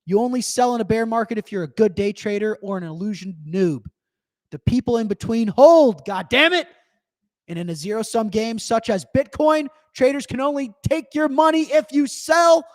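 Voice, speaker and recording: A young man with a notably high voice hosts a live show. He talks in loose, animated bursts and swears freely. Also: moderate pace. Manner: animated, profane, excitable. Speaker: livestream host. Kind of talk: casual live-show rant.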